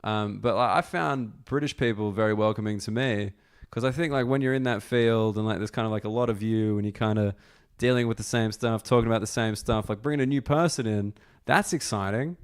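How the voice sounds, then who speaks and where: A man's voice: on the low side, fairly quick, few pauses, smooth. An Australian man hosting a podcast, talking casually and rambling with lots of fillers. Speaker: podcast host, comedian. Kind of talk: casual chat.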